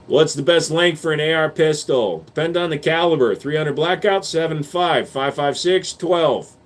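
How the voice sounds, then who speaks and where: Male streamer taking chat questions: blunt, profane, bantering, quick with answers, sarcastic when pushed. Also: fairly high pitch, expressive. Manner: reads viewer questions aloud, then answers quickly; turns loud and sarcastic when arguing. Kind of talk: casual live-stream chat.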